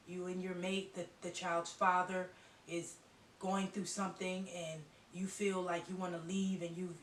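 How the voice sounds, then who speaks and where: A woman giving a channeled psychic reading to viewers, talking emphatically and bluntly, repeating herself and swearing. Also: lowish voice. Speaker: psychic reader. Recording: roomy echo from a distant mic with faint hiss.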